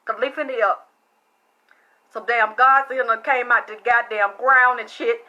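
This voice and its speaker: High, bright-voiced cursing woman storyteller. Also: a little slow, highs cut off. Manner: blunt, heavy cursing, excitable. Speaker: psychic reader. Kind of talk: profane storytelling monologue.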